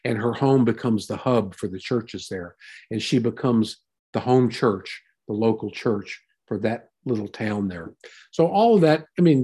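A man's voice: mid-range voice, a little mellow, slightly rough. A man teaching a Bible passage in a conversational sermon, retelling and explaining it in a folksy way.

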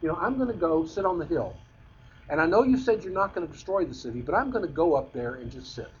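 A man's voice: a little high, animated, fast, lo-fi sound, a little hiss or hum, voice pushed up, lightly acted. A man voicing a sulky male prophet who complains to God in a huffy, aggrieved way while teaching a Bible class.

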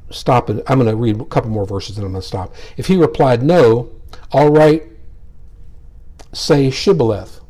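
A man's voice: mid-range voice, warm tone. An older man teaching a casual Bible class, folksy and rambling, chuckling as he explains.

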